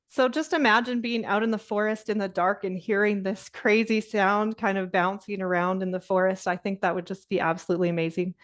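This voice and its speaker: A woman's voice: mid-range voice, fairly even intonation, normal speed. A woman presenting a nature lesson to children over a video call, upbeat and encouraging, with laughs and fillers.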